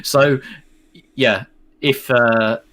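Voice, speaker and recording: A man hosts a casual live football watch-along. His voice sits at an ordinary pitch. He argues with mocking, animated rants and reads out chat. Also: very slow.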